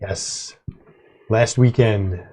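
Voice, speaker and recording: A man's voice: on the low side, very slow, warm tone, husky. A man co-hosting a podcast in casual chat, playful, acting out his own side of a story. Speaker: podcast co-host.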